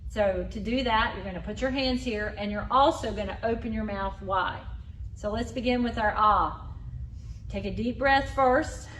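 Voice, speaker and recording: A woman leading a group through voice exercises, coaching loud, exaggerated sounds. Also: fairly high pitch, normal speed, a little hiss or hum. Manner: loud, exaggerated vocal demonstrations. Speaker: exercise leader. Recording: echoey room, a bit far from mic.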